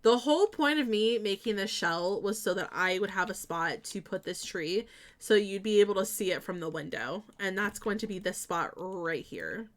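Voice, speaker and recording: A young woman streaming casually as she builds in a game, chatty and giggly with sudden bursts of excitement. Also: medium pitch, moderate pace.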